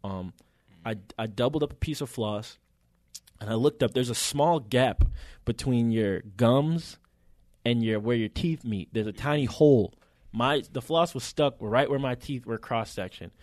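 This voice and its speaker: Man, podcast co-host, casual chat, slangy and animated, dry close sound. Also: medium pitch, unhurried, dry recording. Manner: animated storytelling, heavy swearing and slang.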